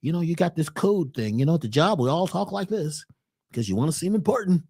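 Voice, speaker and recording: A man giving a webcast talk on health in a preacherly way, swinging between loud lines and hushed ones. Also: a little high, animated, a little fast, husky. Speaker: holistic health speaker.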